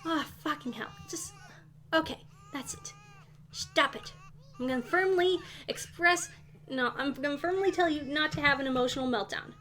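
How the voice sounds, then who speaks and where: Bright high-voiced exasperated woman streamer. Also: normal speed. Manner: exasperated, swearing, scolding game characters. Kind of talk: casual live gameplay chat.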